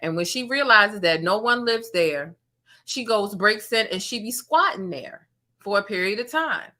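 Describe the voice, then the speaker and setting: A woman hosting a casual gossip commentary, talking straight to her viewers in a sassy, animated way. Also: mid-range voice, moderate pace. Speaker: commentary channel host.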